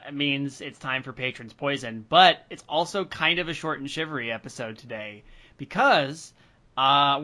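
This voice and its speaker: A man's voice: medium pitch, bright, forceful tone. A man hosting a casual podcast, rambling with lots of fillers as he reads listener mail. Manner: rambling, filler-heavy, upbeat. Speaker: podcast host.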